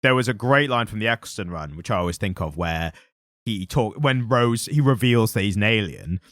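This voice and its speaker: A man co-hosting a podcast, chatting casually about a comic with quick asides and self-interruptions. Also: lowish voice, animated, fairly bright tone, dry recording, studio quality. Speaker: podcast co-host.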